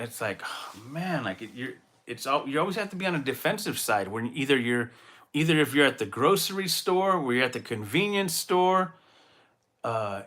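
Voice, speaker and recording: A man from Texas hosting his own podcast, talking casually in a rambling, animated way with lots of restarts. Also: mid-range voice. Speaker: podcast host. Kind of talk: casual solo monologue.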